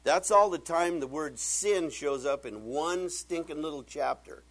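A man preaching a sermon, retelling a conversation and then building to loud, emphatic preaching. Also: a little high, unhurried, rough recording.

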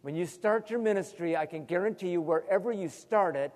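A male pastor preaching a sermon, animated, with sudden emphatic rises and asides. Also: high voice, fairly quick, in a large hall.

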